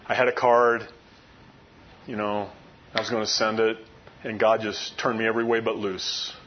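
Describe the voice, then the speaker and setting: Middle-aged pastor preaching, folksy and earnest, kinda muffled lo-fi sound w/ a bit of rumble. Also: male voice, flat delivery, normal speed. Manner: earnest, conversational, folksy storytelling. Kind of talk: sermon. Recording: muffled lo-fi recording with faint rumble.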